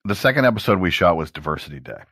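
Brief: low-pitched man, bright forceful tone, easy podcast host, dry studio mic. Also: racing, dry recording. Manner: relaxed, curious questioner. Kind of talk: casual podcast chat.

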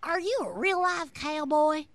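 A woman's voice: high-pitched, measured pace, background noise. A woman playing a cheeky little girl in a comedy sketch, asking blunt childlike questions.

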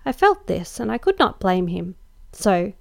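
A woman narrating a classic story aloud as guest host, measured and dryly expressive. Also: medium pitch, gravelly, dry recording. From Australia. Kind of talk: audiobook narration.

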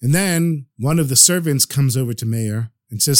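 A man telling a story for a podcast, narrating with animated expression. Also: medium pitch, normal speed, no room sound.

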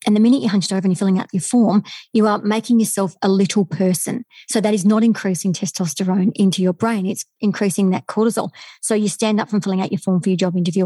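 Woman guest, quick enthusiastic talker, mellow husky voice, dry remote-call sound. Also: medium pitch, no echo. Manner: fast, enthusiastic, animated storyteller. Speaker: guest body language expert. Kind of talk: storytelling podcast interview.

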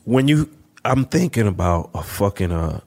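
A man's voice: lowish voice, very animated, normal speed, a little mellow. A man chatting as a podcast co-host, blunt and full of slang and swearing. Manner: blunt, profane, street slang. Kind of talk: casual studio podcast chat.

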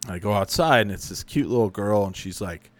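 A man's voice: fairly low pitch, expressive, brisk. A young adult man chatting casually as a podcast host, answering listener questions with rambling, profane, self-correcting stories. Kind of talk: casual chat.

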